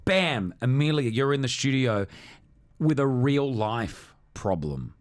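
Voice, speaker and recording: A man hosting a morning radio interview in a studio. He asks his questions gently and stumbles through restarts on the hard ones. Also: medium pitch, animated, takes it slowly, no room sound. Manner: empathetic, fumbling restarts when asking hard questions. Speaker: radio show host. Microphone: studio microphone.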